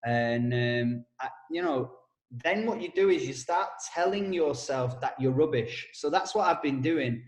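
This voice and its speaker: A man co-hosting a casual podcast chat, telling stories with frequent laughs and quick asides. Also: fairly high pitch, lively intonation, echoey room. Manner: chatty storyteller, laughs often, quick asides. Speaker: co-host, personal development coach.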